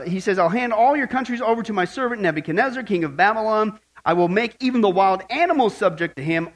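A man with a high voice preaches a sermon. He reads scripture aloud and puts questions to his listeners. He mixes jokes and emphatic asides into his preaching. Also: a bit bright. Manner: emphatic, joking, asks questions of the audience. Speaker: pastor.

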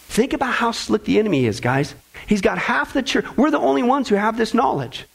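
A man's voice: high-pitched, animated, a little fast, gravelly, slightly rough, rough recording. A man preaching a sermon with emphatic, repeated phrases, speaking directly to the congregation.

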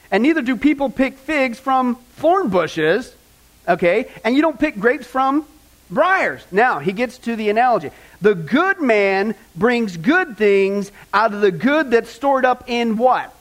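A man preaching a sermon as pastor, animated, asking the congregation questions and acting out the voices in a joke. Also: very high-pitched.

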